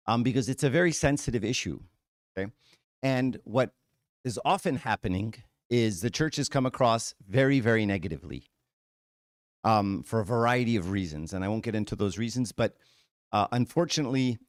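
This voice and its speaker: A man giving a frank, conversational church talk, frequently tossing "right?" and "okay?" to the room. His voice sits at an ordinary middle pitch. The sound is dry and close. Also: dry recording. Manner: casual, frank, uses many rhetorical "right?" and "okay?". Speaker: church speaker.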